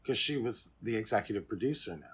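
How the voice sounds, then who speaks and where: A man's voice: fairly low pitch, expressive, quick pace, fairly bright tone, breathy edge. A man co-hosting a podcast, chatting casually with dry, wry asides. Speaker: podcast co-host. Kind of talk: casual chat.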